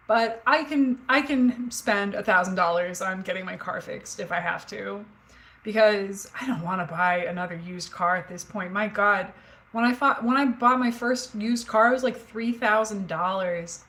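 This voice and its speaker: A woman's voice: mid-range voice, moderate pace, fairly bright tone, rough recording. A woman in her forties hosting a livestream, chatting casually and candidly with viewers, rambling through stories with fillers and the odd swear. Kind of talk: casual chat with live chat. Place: home, indoors.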